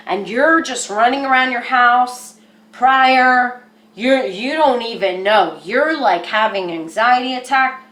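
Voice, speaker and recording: Woman, self-help lesson, earnest, soft soothing asides, slow delivery, echoey room. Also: fairly high pitch, animated. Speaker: therapy skills presenter. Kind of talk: self-help teaching monologue.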